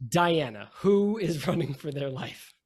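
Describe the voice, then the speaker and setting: A man with a slightly higher voice hosts a tabletop game podcast. He is upbeat and laughs often as he introduces the players and runs the game. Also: expressive, measured pace, a little mellow. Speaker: game master and host. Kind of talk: casual podcast chat.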